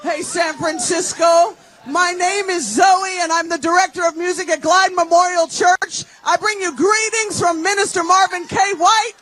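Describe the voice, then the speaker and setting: A woman's voice: very high-pitched, fairly even intonation, moderate pace, hardly any pauses, a little hiss or hum. A woman music director giving an impassioned rally speech and leading a crowd in song outdoors. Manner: impassioned, preaching, leads group singing. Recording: distant mic with loud crowd and music.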